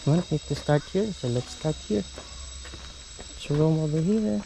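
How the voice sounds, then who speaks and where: A woman talks to a baby in a lilting, sing-song voice, her pitch swooping widely as she coaxes and points things out. She speaks slowly and unhurriedly. Faint insects and crickets chirp around her outdoors, picked up by a handheld phone. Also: big pitch swings, background noise. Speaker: parent showing a baby around. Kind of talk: casual baby talk. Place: outdoor nature park.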